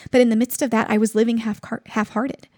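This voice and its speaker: A woman's voice: on the high side, flat delivery, fast, a little mellow, no room sound, studio quality. A woman in her thirties hosting a devotional podcast, telling a personal story in an earnest, reflective way. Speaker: podcast host.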